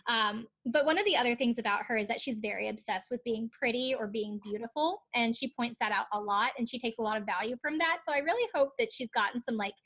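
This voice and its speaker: A woman's voice: fairly high pitch, quick pace, few pauses, a bit bright. A woman chatting casually on a podcast, recapping a TV episode with lots of laughs and fillers. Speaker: podcast co-host. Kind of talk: casual chat recapping a TV show.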